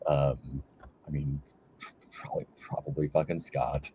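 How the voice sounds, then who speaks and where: A man in casual chat, brainstorming a story plot hesitantly with many pauses and restarts. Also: very deep voice, fairly even intonation, dark tone, slightly rough. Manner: hesitant, full of ums and restarts. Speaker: game player.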